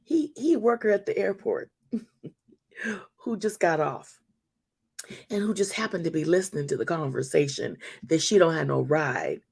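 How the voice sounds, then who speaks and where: A woman's voice: low voice, animated, measured pace, vocal fry, pauses often, a little mellow, husky. A woman in her fifties hosting a faith talk, telling a story to her listeners with emphatic repetition and calling them y'all. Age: 50s. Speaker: host.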